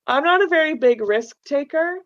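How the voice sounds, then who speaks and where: Chatty young woman, somewhat high voice. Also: lively intonation, moderate pace, fairly bright tone, highs cut off. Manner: chatty, acts out quoted dialogue. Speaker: podcast guest, host's wife. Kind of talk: casual chat.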